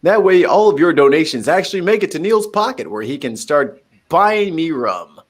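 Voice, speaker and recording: A man in a casual group chat, wisecracking with quick one-liners. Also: fairly high pitch, lively intonation. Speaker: chat guest.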